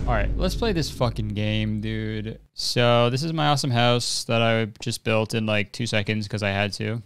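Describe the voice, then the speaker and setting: A man's voice: on the low side, normal speed, smooth, dry recording, clean studio sound. A young man streaming a video game, talking casually in a rambling, jokey, profane way. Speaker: gaming streamer. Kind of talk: casual gameplay commentary.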